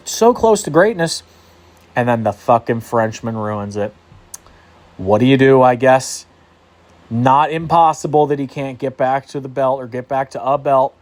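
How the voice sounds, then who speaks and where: A young man giving a casual fight recap in a heated, profane rant. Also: mid-range voice. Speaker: MMA commentator vlogger.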